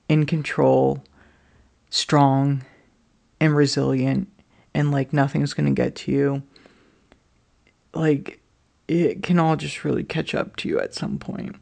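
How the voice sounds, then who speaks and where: A woman speaking in a confessional personal vlog, her voice gravelly with constant vocal fry. She talks emotionally and openly, swearing freely and filling her thoughts with "like" and "you know what I mean". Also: a bass voice, mellow.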